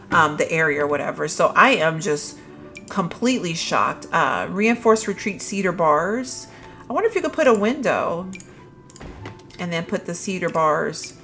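A young adult woman giving excited, gushing commentary while touring new items in a video game, often calling out "y'all" to her viewers. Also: mid-range voice. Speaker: gaming YouTuber.

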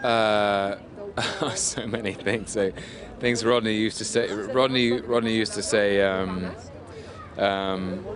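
British man, actor, lowish voice, animated, chatty, outdoor premiere, crowd noise behind. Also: slow pace. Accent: British English. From Britain. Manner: animated, laughs, restarts often. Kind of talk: red carpet interview.

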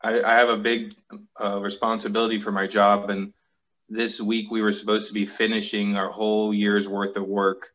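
A man with a fairly low voice talks casually on a video call in a level, unhurried monotone. The sound is dull and lo-fi, picked up by the built-in computer mic. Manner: calls himself monotone, plain and steady. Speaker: guest host reading questions.

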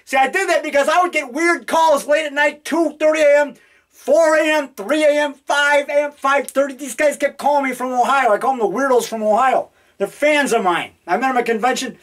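A low-budget horror filmmaker in his fifties rambles, brags and jokes to a camera in his home basement, recorded on the camera's mic. His voice is extremely high-pitched and fairly bright, and he talks fairly quickly.

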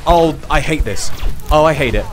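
A man streams a game, talking in a slightly higher register than most men. His commentary is jumpy and full of swearing, with sudden panicked outbursts. Faint game music plays behind him. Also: moderate pace. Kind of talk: live gameplay commentary.

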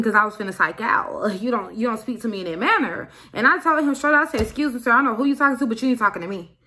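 A young woman vlogger telling a storytime story in an animated, emphatic way. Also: a little high. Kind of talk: casual storytime.

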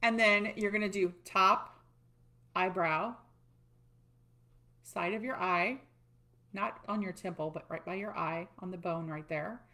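A woman's voice: mid-range voice, a little slow, pauses often, sharp tone. Chatty woman coaching a tapping routine. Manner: chatty, demonstrates while talking, self-deprecating. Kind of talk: casual instructional talk.

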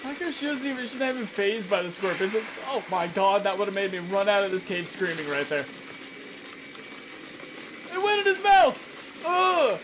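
A gamer narrating a first-look playthrough, excitable and jokey, yelping and swearing at every scare. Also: mid-range voice, brisk, hardly any pauses, noisy background. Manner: jokey running banter with the viewer. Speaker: gameplay commentator. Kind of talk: let's-play commentary. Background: game music.

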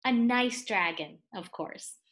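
A woman reading a children's picture book aloud, pausing to explain words and add playful asides. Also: a little high, a bit bright. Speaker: read-aloud storyteller for children.

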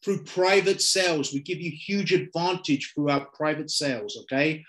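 A middle-aged man from London, with a London English accent, presents an upbeat online sales pitch through a video call microphone. His voice sits on the high side and sounds fairly bright, moving at a moderate pace with regular "okay?" and "right?" check-ins.

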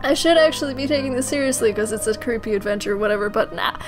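A woman's voice: a little high, quick pace, over music. A young woman commenting while playing a horror game, giggly and joking. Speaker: gaming channel host. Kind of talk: let's play commentary.

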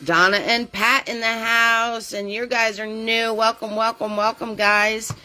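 A chatty woman hosts a live painting session, greeting viewers one by one with lots of fillers. Her voice sits a little high, and faint music plays behind her. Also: fairly even intonation, unhurried, pushed and bright. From New Jersey. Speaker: live painting class host. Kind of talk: casual live-stream chat.

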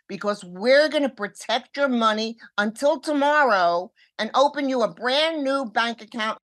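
An older woman recounting how she was scammed, acting out the voices of others and swinging between hushed and loud moments. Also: on the high side, lively intonation, measured pace, few pauses. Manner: vivid, acts out quoted voices, shifts between hushed and loud. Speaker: scam victim telling her story. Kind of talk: emotional first-person storytelling.

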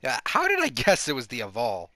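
A man casually commentating a fighting game, hoarse and excitable, with loud exclamations. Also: mid-range voice, fairly quick, no room sound. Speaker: gaming commentator. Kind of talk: casual let's play commentary. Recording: commentary over game music.

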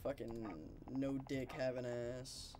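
A young man gaming with a friend, joking and cursing a lot with loud outbursts. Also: medium pitch, little pitch movement, slow. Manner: profane, teasing, loud outbursts. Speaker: gamer. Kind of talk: casual gaming banter. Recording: gameplay noise behind the voice.

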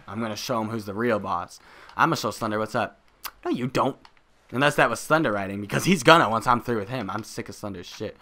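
A man giving joking let's play commentary on a horror game, loud and rambling, swinging between shouting and muttering. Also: fast. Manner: reads in-game notes aloud in a low flat voice. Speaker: gaming video creator.

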